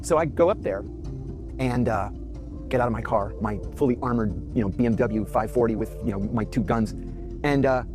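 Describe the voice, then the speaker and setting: A man telling a dramatic personal story in an animated way. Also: medium pitch, normal speed, music in the background.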